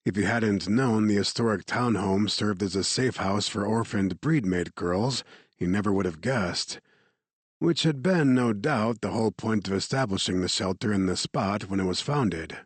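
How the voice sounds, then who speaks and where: Man, audiobook narrator, low voice, dry, steady measured reading. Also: husky, no echo.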